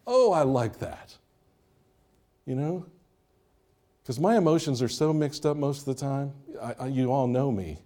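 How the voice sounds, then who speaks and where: Male pastor, mid-pitched and mellow, emphatic sermon delivery with rhetorical questions. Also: animated, moderate pace, pauses often. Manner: emphatic preaching with rising and falling intensity, rhetorical questions.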